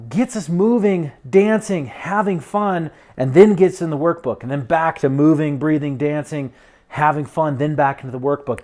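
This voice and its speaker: A man's voice: fairly high pitch, darkish tone. Enthusiastic man recording a video diary. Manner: enthusiastic, earnest. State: out of breath. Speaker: vlogger. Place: at home.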